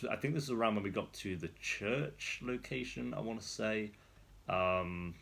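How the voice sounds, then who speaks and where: A young man with a low-pitched, creaky, husky voice and a fairly bright tone vlogs casually. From a rolling chair indoors, he rambles chattily through a story, laughing often.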